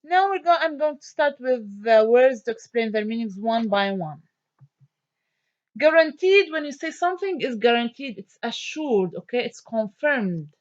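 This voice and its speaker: A woman teacher giving an online phonics lesson, repeating each word slowly and checking in with "okay?". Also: on the high side, expressive. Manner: slow, drawn-out word repetition with frequent "okay?" checks. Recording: dull lo-fi sound.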